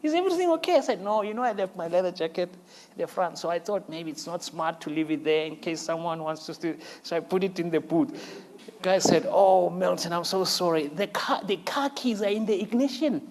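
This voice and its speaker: A man hosting a conversational interview, telling lively stories and laughing often as he acts out quotes. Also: sits high, a little fast, a little hiss or hum. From South Africa. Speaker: interview host.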